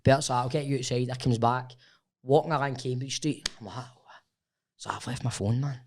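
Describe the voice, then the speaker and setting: A man's voice: mid-range voice, steady tone, normal speed, a little mellow. A Scottish man, a podcast co-host, telling a long story in casual chat and often laughing through it.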